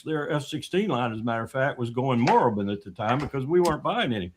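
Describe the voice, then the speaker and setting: A man's voice: medium pitch, expressive, fast, few pauses, a little hiss or hum. An older man, a former military staffer, talking bluntly and scornfully as a guest in a political discussion. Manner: blunt and scornful, mocking with put-on voices.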